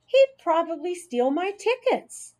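A woman's voice: very high-pitched, sing-song, unhurried, dark tone, pitched above the performer's own voice, exaggerated voice. A woman voicing a wary, sulky young schoolgirl in a read-aloud story.

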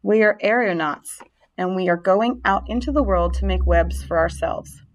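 A woman's voice: mid-range voice, moderate pace, close to an everyday voice, poor audio. A woman voicing a tiny, adventurous young spider in a storybook reading, with a lilting, sing-song manner. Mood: proud.

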